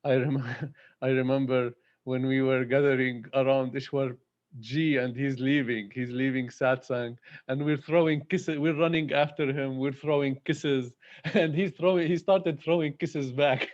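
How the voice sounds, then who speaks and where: A man's voice: medium pitch, steady tone, a little slow, darkish tone, highs cut off. A man giving a devotional talk at a spiritual gathering, fervent and laughing often as he speaks of love for God. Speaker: satsang speaker. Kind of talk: devotional talk with poetry reading.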